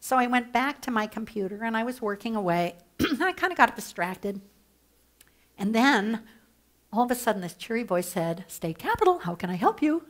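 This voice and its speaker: Woman trainer, slightly high voice, playful and joking, headset mic in a training room. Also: normal speed. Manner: playful, mock-excited and humorous storytelling. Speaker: advocacy trainer. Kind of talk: workshop presentation.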